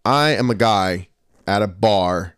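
A man's voice: fairly low pitch, takes it slowly, smooth, no room sound, clean studio sound. A man in his thirties hosting a podcast, telling a story with lots of swearing and acted-out quotes. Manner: animated, profane storyteller who acts out quotes. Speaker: podcast host. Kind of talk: casual storytelling.

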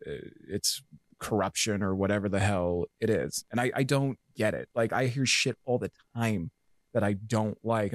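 A man's voice: on the low side, no echo, studio quality. A man talking as a podcast guest in casual chat, emphatic and profane, rambling with lots of fillers.

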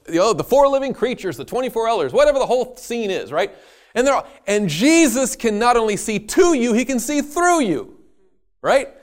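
A man preaching a sermon, telling a story with lively jokey asides. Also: high voice.

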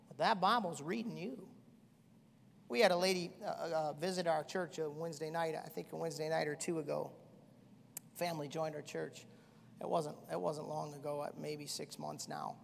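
A middle-aged man preaching a sermon as pastor, swinging from shouting to quiet storytelling. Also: on the high side, steady tone, moderate pace, gravelly. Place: church hall. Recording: echoey church hall.

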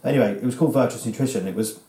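English man, thirties, sweary rambling podcast host, echoey room, average pitch. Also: very fast, dark tone. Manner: swearing, rambling storyteller with restarts. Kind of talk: casual podcast chat.

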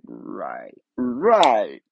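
A man's voice: extremely low pitch, wildly swooping pitch, extremely slow, creaky, dull audio, a little hiss or hum. A man hosting his own podcast in a casual, rambling, self-deprecating way, often trailing off. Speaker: podcast host. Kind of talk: casual chat.

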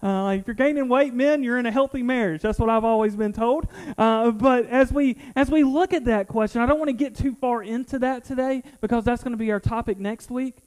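A middle-aged man with a strikingly high voice preaches an earnest, personal sermon. He often stumbles and repeats words as he restarts a thought. He sounds like a pastor talking to his own congregation. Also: brisk, few pauses, darkish tone, poor audio.

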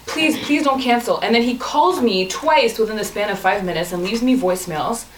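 A woman telling a dating story in casual chat, animated, acting out the messages she got. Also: medium pitch, a little fast, roomy sound, distant mic, slight background noise, low-quality recording. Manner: animated storyteller, acts out quoted texts.

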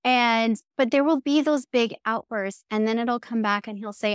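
A woman's voice: a little high, moderate pace, clean tone, no echo, studio quality. A woman in her thirties, a therapist speaking earnestly in a podcast interview, acting out quoted phrases as she explains. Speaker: guest, somatic therapist and mindset coach.

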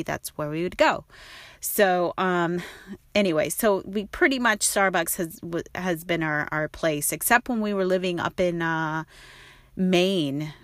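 A woman's voice: on the low side, a bit bright, no echo. A middle-aged woman vlogging in casual chat, rambling with lots of fillers and restarts. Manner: rambling, with many fillers and self-corrections.

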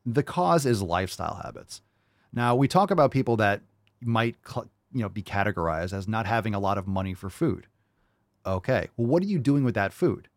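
A man's voice: mid-range voice, no room sound, studio quality. A man hosting a fitness podcast, ranting about diet and answering training questions in a profane, combative, mocking way. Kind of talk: ranting call-in fitness show.

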